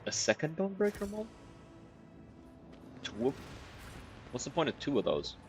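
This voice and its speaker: A man's voice: on the high side, huge pitch swings, normal speed, a little mellow, soft background music. A man streaming a video game in casual commentary, reading in-game text aloud and reacting with wry, profane remarks. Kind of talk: casual let's-play commentary.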